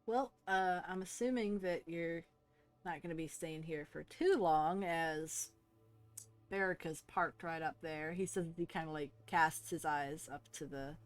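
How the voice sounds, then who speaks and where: A woman running a tabletop game, her voice sitting a little low as she narrates in an unhurried, halting way. She pauses often and fills the gaps as she goes, with faint music under her. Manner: halting, relaxed narration with fillers. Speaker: game master.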